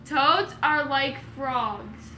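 A woman vlogger in a casual party game, playfully repeating phrases and shouting them loudly. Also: high voice, drawn-out words, echoey room.

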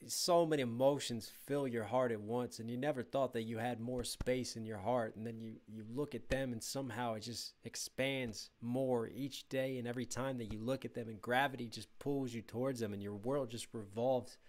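A man's voice: medium pitch, fairly even intonation, moderate pace, few pauses. A man, a rapper, talking casually and reflectively as he reacts to a stage musical, openly moved by what he hears. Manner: warm, reflective, easily moved. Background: faint show music.

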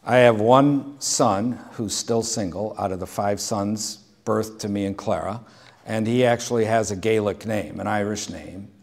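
A middle-aged man preaching a sermon as pastor, moving from plain exhortation into relaxed storytelling with dry humor. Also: lowish voice, unhurried, gravelly.

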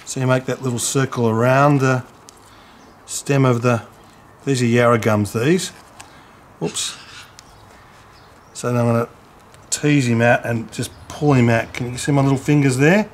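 A man gives a casual, gentle how-to demonstration at a potting bench. He chats to the camera person as he works. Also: mid-range voice, moderate pace, pauses often, slight background noise. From Australia. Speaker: home gardener demonstrating seedling transplanting. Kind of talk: casual how-to demonstration with some scripted narration.

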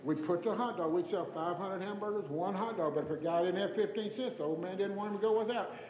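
A Texan man in his sixties telling folksy stories to an audience, animated and chuckling as he acts out the people in them. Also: high voice, fast talker. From Tyler, Texas. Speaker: storyteller giving an oral history. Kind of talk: folksy anecdotal talk to an audience. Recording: echoey hall recording with faint noise.

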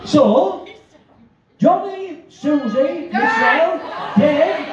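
A man running a live hypnosis show, his voice a touch high yet dark in tone. He coaxes people with long, drawn-out commands and ribs them with foul-mouthed banter. The recording is muffled and picked up from a distance in a very reverberant space. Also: lively intonation, crowd noise. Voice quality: profane, teasing banter. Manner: drawn-out soothing commands between brash jokes. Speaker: stage hypnotist. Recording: dull, echoey live recording from afar.

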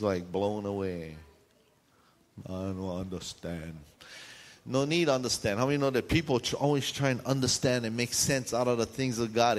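A man preaching a sermon, telling lively stories and calling for amens. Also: mid-range voice. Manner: lively storytelling with call-and-response. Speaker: pastor. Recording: reverberant hall sound.

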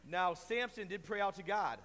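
A man teaching a children's Bible lesson at church, playful and animated, quizzing the kids. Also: sits high, moderate pace. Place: church kids' room. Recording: echoey hall reverb.

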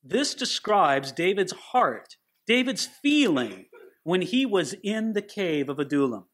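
High-voiced earnest male Bible teacher. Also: big pitch swings, a little slow, fairly bright tone. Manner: earnest, puts questions straight to the listeners. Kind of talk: sermon-style Bible teaching.

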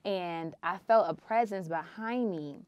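Earnest low-voiced woman storyteller. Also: unhurried, no echo, muffled recording. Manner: earnest, intense storytelling with sudden loud swells. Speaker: podcast host. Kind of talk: personal storytelling podcast.

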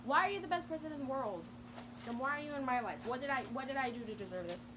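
A young woman vlogger gushing and swearing with excitement as she unboxes presents from a friend. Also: sits high, fast talker. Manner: gushing, emotional, swears, exclaims often. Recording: loud background noise.

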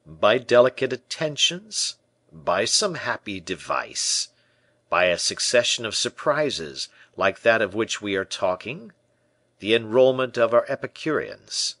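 A man voicing a suave, scheming churchman who speaks in soft, honeyed tones. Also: lowish voice, big pitch swings, a little slow, no echo, pitched above the performer's own voice, exaggerated voice.

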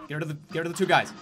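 A man streaming a video game, with casual commentary full of loud frustrated outbursts and cursing, who drops into quick mumbled asides while reading chat. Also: a little high.

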